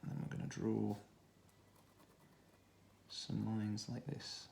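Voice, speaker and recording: A man with a Stoke-on-Trent accent, talking through a children's drawing tutorial in a relaxed way, thinking aloud as he draws. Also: lowish voice, takes it slowly, creaky, a little hiss or hum. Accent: Stoke-on-Trent English. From England. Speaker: art tutor.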